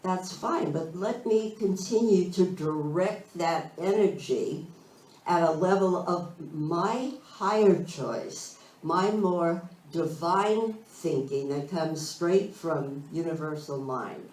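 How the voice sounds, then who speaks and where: A woman minister giving a slow, thoughtful spiritual talk, searching for her phrasing as she goes. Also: lowish voice, a little mellow. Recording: roomy sound from a distant mic.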